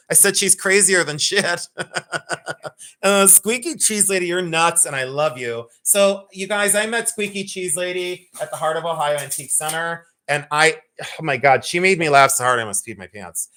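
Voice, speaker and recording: A man's voice: high-pitched, moderate pace. A man hosting a live-streamed jewelry sale, chatting, joking and teasing his viewers as he talks. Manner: animated, joking, teasing, swearing. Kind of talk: live-stream sales chat.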